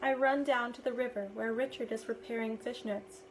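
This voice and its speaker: A woman reading a novel aloud in a steady, expressive way. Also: on the high side, moderate pace, slight background noise, rough recording. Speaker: reader.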